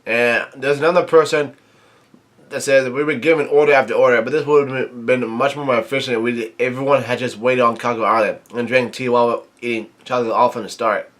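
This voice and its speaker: Man, middle pitch, halting reader who recaps a comic chapter and reads the dialogue flatly. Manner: halting reading, quotes dialogue without acting it. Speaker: manga reviewer. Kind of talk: reading aloud and commenting on a comic chapter.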